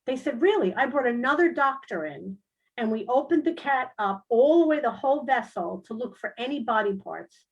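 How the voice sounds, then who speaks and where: A woman, a guest and animal rescuer, telling a comic story on a video call in an animated, lively way, with big jumps in pitch. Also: normal speed, lo-fi sound. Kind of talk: casual storytelling on a talk show.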